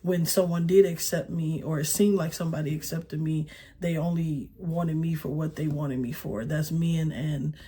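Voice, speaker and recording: Halting woman in her thirties, flat delivery. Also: sits low, breathy edge. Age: 30s. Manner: halting, hesitant, full of pauses and fillers. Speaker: speaker sharing a personal testimony. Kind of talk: personal testimony.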